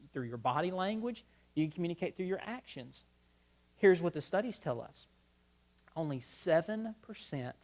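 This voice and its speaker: A middle-aged man giving a humorous marriage talk at a church conference, telling stories and acting out both sides of conversations. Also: mid-range voice. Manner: lively storyteller, acts out both sides of dialogues. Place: church sanctuary before a live audience.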